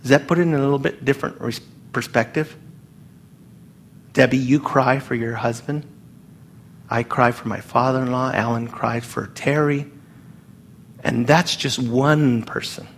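A man preaching a sermon to his congregation in an earnest, emphatic way, pausing and restarting as he speaks. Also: mid-range voice, fairly even intonation, slight background noise. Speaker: pastor.

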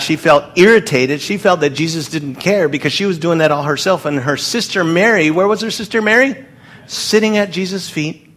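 A man preaching a sermon in a loose, conversational way, with fillers and asides, and acting out quoted lines. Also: a bit bright. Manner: acts out quoted lines with rising pitch.

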